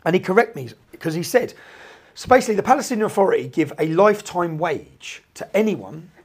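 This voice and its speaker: A man with an English accent, telling stories fast in a casual podcast chat and checking in with "yeah?". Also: high voice, lively intonation, husky. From England. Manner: rapid, repeats "yeah?" to check in. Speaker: podcast guest. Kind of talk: animated storytelling in casual talk.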